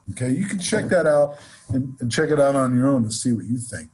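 A man teaching jazz improvisation in a relaxed, conversational way, counting off beats between demonstrations. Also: medium pitch, brisk, over music, low-quality recording. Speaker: jazz music instructor. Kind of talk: explaining and demonstrating on instrument. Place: home studio, online session.

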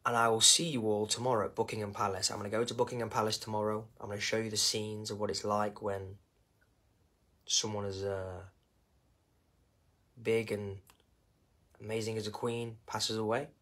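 A man's voice: lowish voice, little pitch movement, moderate pace, pauses often, pushed and bright. A man from England with an English accent, talking casually and emotionally on a live stream, rambling and repeating himself.

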